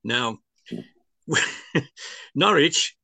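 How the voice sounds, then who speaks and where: A man's voice: a little high, lively intonation, drawn-out words, pushed and bright, slightly rough, no room sound. A man co-hosting a football podcast, reading out stats in a wry way. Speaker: podcast co-host. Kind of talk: casual football chat.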